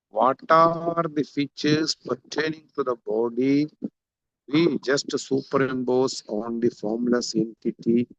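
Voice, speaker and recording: A man's voice: medium pitch, no echo, dull audio. A man teaching a scripture class, glossing Sanskrit terms one by one and repeating points for emphasis. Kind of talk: lecture explaining a Sanskrit text.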